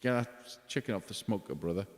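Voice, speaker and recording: A man's voice: lowish voice, expressive, fairly quick. A man who is a musician streaming live, chatting casually between songs and a little tipsy, rambling, swearing freely and talking to viewers by name. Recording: long reverb with guitar music behind.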